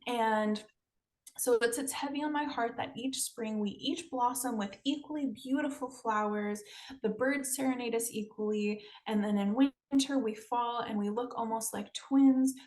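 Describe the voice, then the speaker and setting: Relaxed woman telling a folktale. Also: a little high, measured pace. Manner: relaxed, hesitant, with many ums. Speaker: podcast host. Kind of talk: storytelling in casual chat.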